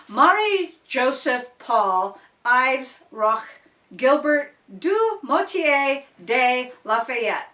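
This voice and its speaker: A woman's voice: mid-range voice, pushed and bright, distant mic. A woman chatting casually through a book wrap-up, blunt and opinionated, with plain asides to the viewer. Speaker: book reviewer. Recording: echoey room, off-mic.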